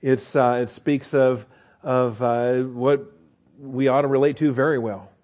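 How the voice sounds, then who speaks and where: A man's voice: medium pitch, steady tone, measured pace, a little mellow. Conversational man teaching Bible study. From United States. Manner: conversational, many fillers and restarts, frequent "okay?" checks.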